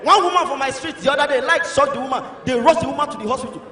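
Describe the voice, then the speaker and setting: A man with a Nigerian accent doing stand-up comedy, telling animated stories in Pidgin and English, acting out voices and breaking into shouts. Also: very high voice, very fast. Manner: animated storytelling, acts out voices, bursts of shouting. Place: comedy stage in a large hall. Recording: echoey hall, live show.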